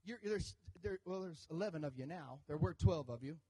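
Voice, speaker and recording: A man's voice: fairly high pitch, a little fast, slightly rough, poor audio. A man preaching a sermon to his church, telling a story with jokes and calls for the congregation to answer. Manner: animated storytelling with jokes and audience call-outs. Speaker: pastor.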